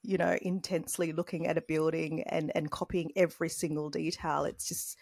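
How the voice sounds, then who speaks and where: A woman's voice: low voice, flat delivery, a little fast, creaky, a little mellow, no room sound, clean studio sound. An Australian woman, a guest miniature artist, chatting casually on a podcast and full of "like" and "you know".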